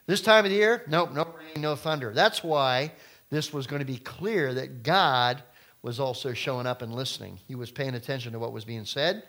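A middle-aged man preaching a sermon as pastor, talking casually to the congregation and turning suddenly loud for emphasis. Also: mid-range voice, moderate pace.

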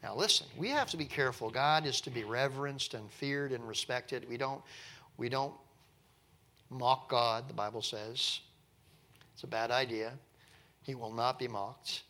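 A man's voice: mid-range voice, unhurried, bright, forceful tone. A man preaching a sermon in an earnest, emphatic way, asking rhetorical questions and reading scripture in old King James wording.

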